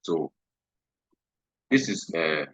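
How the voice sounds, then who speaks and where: In an extremely slow, expressive delivery, a male trading instructor runs a screen-share lesson, repeating himself and frequently asking "hmm?". He has a bass voice, fairly bright with a breathy edge, on a dry, dull lo-fi recording.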